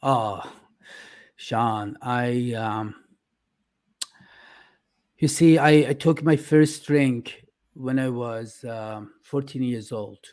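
A middle-aged man speaks in a podcast interview at a medium pitch. He talks earnestly but haltingly, and many "uh" fillers break up his sentences. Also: darkish tone. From Iran. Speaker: podcast guest. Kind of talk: casual interview talk.

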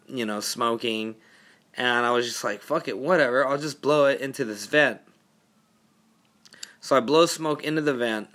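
A man's voice: mid-range voice, bright, forceful tone. A man hosting a podcast, telling funny personal stories in a laid-back, profane, laughing way. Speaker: podcast host. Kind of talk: casual storytelling.

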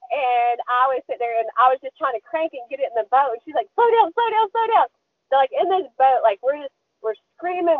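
Young woman podcast guest calling in by phone, bright high voice, animated and giggly. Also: no room sound. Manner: lively, laughs often, squeals when quoting. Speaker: podcast guest, kayak angler. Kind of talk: casual storytelling interview. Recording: tinny phone-line audio.

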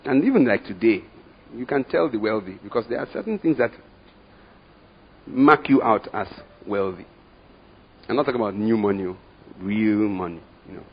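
Nigerian preacher guy, husky voice, goes quiet then booming, muffled lo-fi church recording. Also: animated. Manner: dramatic swings from hushed to loud, slow emphatic scripture reading. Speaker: pastor. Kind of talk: sermon. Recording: dull lo-fi sermon recording.

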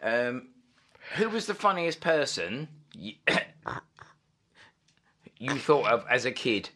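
A man's voice: medium pitch, big pitch swings, slow, bright, forceful tone. A man teasing his friend crudely in a drunken casual chat. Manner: crude, teasing, says mate a lot. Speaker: podcast co-host asking questions.

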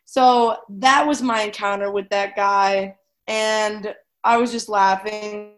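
A woman's voice: mid-range voice, fairly even intonation, slow pace. A woman in her twenties co-hosting a podcast, chatting casually in a bubbly, giggly way, full of "like.". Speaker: podcast co-host. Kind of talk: casual chat.

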